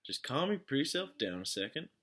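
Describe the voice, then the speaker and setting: A drunk, leering small-town sheriff from a read-aloud story, as a man puts him on, speaks in a slow drawl, higher than the reader's own voice. He is lazy and menacing. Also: very animated, a bit bright.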